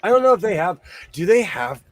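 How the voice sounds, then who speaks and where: Hoarse loud-talking man. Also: high-pitched, brisk. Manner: loud, animated storyteller. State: hoarse, losing his voice. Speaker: host. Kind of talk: casual chat. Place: home sewing room.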